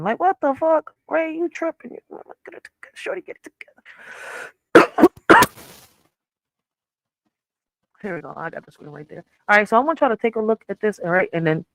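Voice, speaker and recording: A woman's voice: fairly low pitch, no room sound, rough recording. A woman hosting a reaction stream, blunt and profane, ranting casually and checking in with the audience often. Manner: blunt, profane, keeps saying "all right?". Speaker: streamer host.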